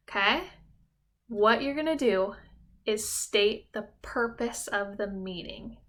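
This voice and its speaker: A woman's voice: a little high, a bit bright. A young adult woman teacher giving a recorded lesson, explaining things simply and patiently and often checking in with "okay?".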